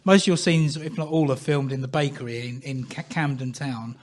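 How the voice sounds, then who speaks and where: A man's voice: mid-range voice, steady tone, brisk. A man hosting a podcast who puts casual interview questions to a guest. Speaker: podcast host.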